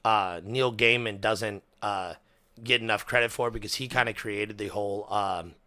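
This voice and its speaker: A young man hosting a casual podcast chat, animated, with lots of fillers, restarts and swearing. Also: lowish voice, moderate pace, dry recording. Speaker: podcast host.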